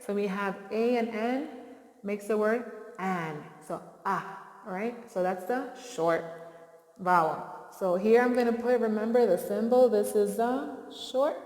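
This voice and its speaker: A woman's voice: medium pitch, darkish tone. A woman teaching a phonics lesson to young children, with encouraging call-and-response prompts and frequent praise. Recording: roomy with long reverb.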